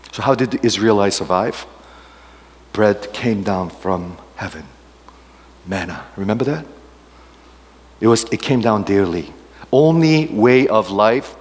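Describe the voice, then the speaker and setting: Man preaching in an echoing hall. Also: on the low side. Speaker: pastor. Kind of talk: sermon.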